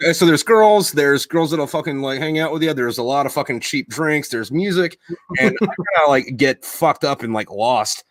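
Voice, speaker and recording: Man, young adult, casual podcast chat, lively swooping voice, heavy swearing, dry close sound. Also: on the high side, moderate pace, no echo. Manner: profane, animated storytelling. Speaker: podcast co-host.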